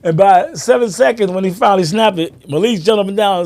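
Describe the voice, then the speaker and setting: Brief: male podcast host, casual sports chat, animated storyteller, slightly high pitch. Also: fast. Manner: animated storyteller, acts out friends' lines, laughs often.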